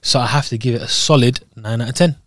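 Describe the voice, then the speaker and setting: A man's voice: medium pitch, quick pace, no echo, clean studio sound. A young man from Scotland co-hosting a podcast in loose, rambling, jokey chat. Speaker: podcast co-host. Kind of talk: casual chat.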